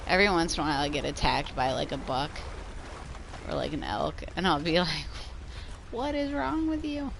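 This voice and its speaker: A woman's voice: sits low, fairly quick, vocal fry, noisy background. A woman chatting casually on a gaming livestream, rambling, swearing freely and laughing often.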